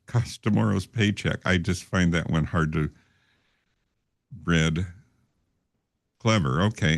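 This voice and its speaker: A low-pitched man hosting a talk radio program, reading news stories with little slips and offhand asides. The sound is dry and close, as from a studio microphone. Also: no room sound. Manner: reads scripted news with stumbles and asides, laughs often. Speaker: radio host. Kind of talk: reading news items and casual chat.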